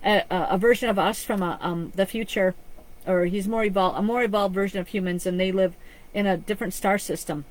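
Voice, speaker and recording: A woman's voice: mid-range voice, fairly even intonation, a little fast, poor audio. A woman psychic medium giving a live-streamed reading, talking in an earnest, rambling way with frequent restarts. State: choked up with emotion.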